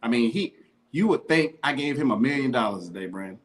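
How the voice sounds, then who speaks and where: A man's voice: mid-range voice, animated, fairly quick. Earnest man on a podcast. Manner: earnest, heartfelt, slangy. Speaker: podcast co-host. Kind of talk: casual podcast chat.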